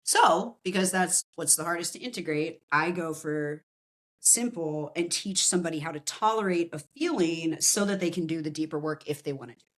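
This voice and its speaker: A woman's voice: low voice, fairly quick. A woman in her forties, a somatic practitioner talking in a casual podcast conversation, telling stories with acted-out quotes. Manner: animated storytelling with acted quotes.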